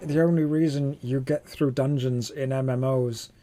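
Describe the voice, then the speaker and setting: A man doing a comic impression voice for people who talk to him, lower and softer than his own voice. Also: fairly even intonation, normal speed, close to an everyday voice. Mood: mocking. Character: generic commenter talking to the streamer, male.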